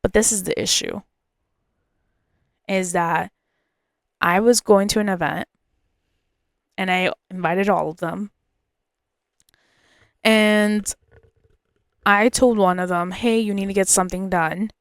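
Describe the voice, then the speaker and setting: Emotional woman host, smooth dry voice. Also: mid-range voice, takes it slowly, long pauses, no echo. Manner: emotional, confiding, repeats herself. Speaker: podcast host. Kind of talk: personal storytelling monologue.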